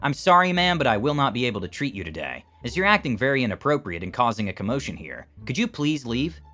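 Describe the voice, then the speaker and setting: A friendly, professional clinic assistant, as a narrator puts him on, speaking courteously and holding firm. The voice is slightly raised above the narrator's own, bright and forceful, with a very lively pitch. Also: male voice, fast, faint music behind. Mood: polite, firm.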